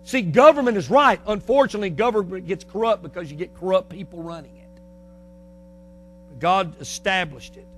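Folksy, emphatic high-voiced preacher. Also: male voice, brisk, faint music behind. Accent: Northern US. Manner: folksy, emphatic, swings between loud and soft. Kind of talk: sermon.

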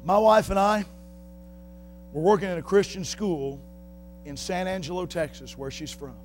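Male preacher, middle-aged, high voice, fiery sermon delivery, faint hum behind. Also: normal speed. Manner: fiery shouting preaching, then quiet storytelling.

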